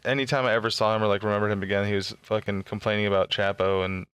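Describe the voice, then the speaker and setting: A man's voice: on the low side, flat delivery, very fast, fairly bright tone, smooth, no echo. A man co-hosting a casual podcast chat with crude, sarcastic jokes. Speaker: podcast co-host.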